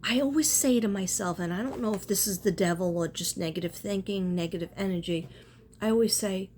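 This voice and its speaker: A woman's voice: mid-range voice, brisk, darkish tone, slight background noise. A woman chatting casually in a spiritual vlog, rambling and earnest, often breaking off and restarting. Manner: rambling, self-interrupting, earnest. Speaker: spiritual artist and vlogger.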